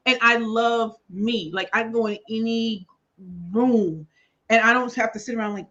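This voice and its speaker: A woman's voice: fairly high pitch, measured pace. Emphatic woman telling her story. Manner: emphatic, expressive, bursts of loud emphasis. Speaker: talk show guest. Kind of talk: candid personal storytelling. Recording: slightly dull lo-fi audio.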